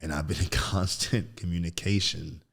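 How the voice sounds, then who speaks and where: A man in his thirties, a podcast guest, telling a story in casual chat, animated and throwing in "bro" a lot. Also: deep voice, normal speed, creaky, breathy edge. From United States. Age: 30s. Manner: animated storyteller, acts out quotes loudly, says "bro" often.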